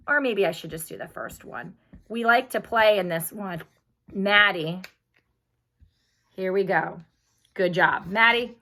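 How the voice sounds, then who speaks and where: A woman teacher leads a phonics lesson, speaking slowly and clearly in a patient, encouraging way. Her mid-range voice is pushed and bright.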